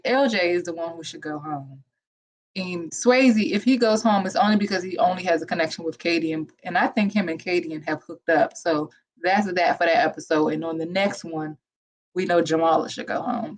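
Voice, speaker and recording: A woman co-hosting a casual review chat over a video call, relaxed and direct as she wraps up the show. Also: lowish voice, normal speed, poor audio. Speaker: co-host of a reality show review.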